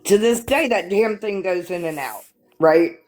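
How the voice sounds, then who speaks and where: A woman's voice: on the low side, expressive, unhurried, darkish tone, soft background music. An older woman hosting a live stream, telling stories with laughter and swearing in a casual chat. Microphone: phone or computer for live stream.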